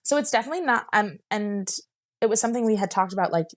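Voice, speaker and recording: Young woman telling her story, rambly, says like a lot, mid pitch voice. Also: expressive, fast talker. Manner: rambling, heavy use of "like", laughs while telling. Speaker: guest sharing her story. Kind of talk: casual personal storytelling.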